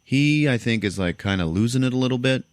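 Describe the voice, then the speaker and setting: A man's voice: fast talker, dry recording. A young man hosting a podcast, casually recapping a movie plot and acting out the characters' lines. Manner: animated storytelling, acts out characters in high voices. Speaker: podcast host.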